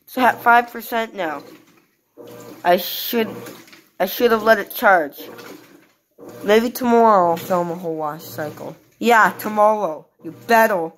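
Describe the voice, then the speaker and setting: A woman's voice: medium pitch, measured pace, pauses often, a bit bright, slight background noise, low-quality recording. A woman hosting her own channel, chatting casually to viewers while filming a washing machine at home on her phone. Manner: chatty, addresses viewers directly. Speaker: channel host. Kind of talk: casual home video vlog. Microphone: phone camera.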